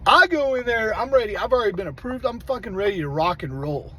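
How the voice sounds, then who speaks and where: A man with a notably high voice tells a story in a loose, profane rant. He talks bluntly and animatedly, with a faint hum of background noise behind him. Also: animated, quick pace, fairly bright tone, low-quality recording. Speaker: vlogger.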